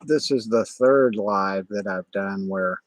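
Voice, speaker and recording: Slow, halting middle-aged man. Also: lowish voice, no echo. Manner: rambling, halting, irritable, many restarts. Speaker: livestream host. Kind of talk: casual livestream monologue.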